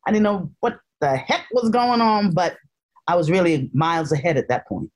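A woman from North Carolina, a guest telling lively stories in a casual interview and quoting people in voices. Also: on the low side, normal speed. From North Carolina, USA. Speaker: guest actress.

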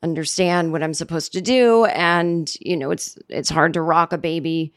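A middle-aged woman hosts a solo comedy podcast, speaking into a studio microphone. Her voice is low and her pace moderate, and she rambles sarcastically with plenty of self-deprecating asides.

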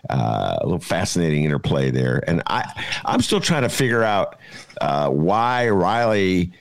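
A man with a very deep, low voice hosts a casual political chat. His pitch swings widely as he muses and riffs between many fillers. The sound is close and dry. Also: moderate pace, gravelly, dry recording. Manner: animated, musing, many fillers. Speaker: host.

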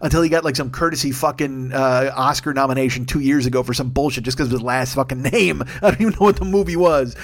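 A man's voice: mid-range voice, fairly even intonation, quick pace, few pauses. A middle-aged man hosting a podcast, delivering an angry, profane political rant and mocking opponents in put-on voices. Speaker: podcast host.

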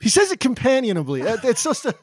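Brief: male player, high and bouncy pitch, dry sound, jokey riffing. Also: huge pitch swings, fast talker, husky, no room sound. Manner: joking, rambling, self-amused. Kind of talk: casual tabletop play.

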